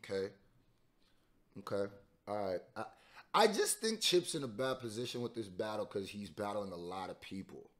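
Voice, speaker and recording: A man hosting a reaction video, commenting casually and jumping into loud, laughing bursts. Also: fairly low pitch, moderate pace. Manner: animated, jumps to loud bursts, laughs and mimics.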